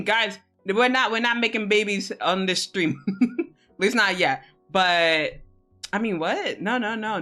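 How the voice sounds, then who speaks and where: A young woman streaming live, her voice bright and forceful as she chats in a loose, giggly way. She laughs between lines and curses without a second thought, with soft music playing behind her. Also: medium pitch. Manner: giggly, laughs often, swears casually. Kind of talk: casual live-stream chat. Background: faint music.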